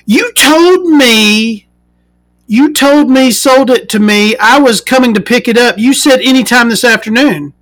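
Woman putting on a shrill, furious middle-aged buyer. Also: expressive, measured pace. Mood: outraged. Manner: shrill, indignant and accusing.

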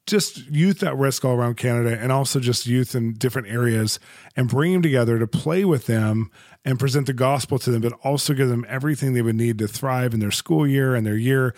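A man's voice: mid-range voice, a little mellow, dry recording, studio quality. A man from the United States hosting an interview podcast, enthusiastic and joking, laughing often as he chats. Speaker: podcast host. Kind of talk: casual interview chat.

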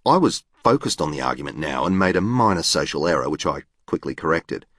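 A man narrates an audiobook with a deep voice in a formal, exact and literal manner. His delivery rises and falls in a lively way and sounds close and dry. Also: a little fast, no room sound. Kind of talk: scripted narration.

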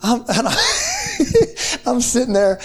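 A man from the United States telling a testimony to a group in an excited, casual way, with slang and many restarts. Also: high-pitched, normal speed. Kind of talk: animated storytelling to a group.

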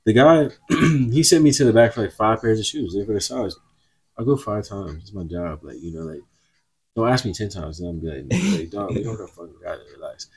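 A man's voice: lowish voice, lively intonation, normal speed, a little mellow. Laid-back man telling long stories. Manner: laid-back, rambling storyteller. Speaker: podcast co-host. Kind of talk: casual chat.

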